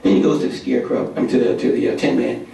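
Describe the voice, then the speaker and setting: A man's voice: rapid-fire, far from the mic. Folksy male organizer in an echoey hall. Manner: animated storytelling, folksy and emphatic. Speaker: community organizer giving a conference talk. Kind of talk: conference speech. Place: conference hall.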